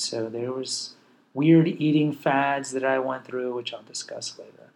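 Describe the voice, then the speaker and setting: A man from Texas speaks in a reflective, personal vlog, his pitch sitting in an ordinary middle register. He takes his time, pausing and restarting now and then as he recounts his own past. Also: steady tone, low-quality recording. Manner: reflective, unhurried, with pauses and restarts. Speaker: vlogger. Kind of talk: personal storytelling.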